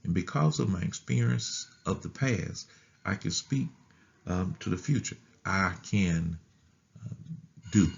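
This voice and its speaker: A man pastor teaching a Bible study in a deliberate way, often repeating phrases and restarting words. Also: low-pitched, lively intonation, gravelly, highs cut off.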